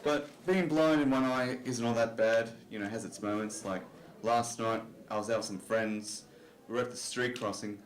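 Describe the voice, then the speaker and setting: A man's voice: mid-range voice, fairly even intonation, moderate pace, hardly any pauses, slight background noise. A man doing a stand-up comedy set on a club stage, talking in a loose, self-deprecating way full of "you know" fillers. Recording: roomy club recording.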